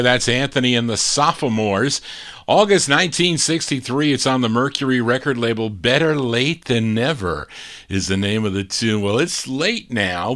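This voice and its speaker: A man hosting a live oldies record show, introducing each song with an unhurried, chatty history and dedications. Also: mid-range voice, a bit bright. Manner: unhurried, conversational, laughs off his own misreading. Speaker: radio host and record DJ.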